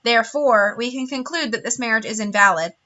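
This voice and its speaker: A woman reading aloud voices a kind, thoughtful woman judge who speaks carefully and in a measured way. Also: on the high side, expressive, bright, forceful tone, muffled recording.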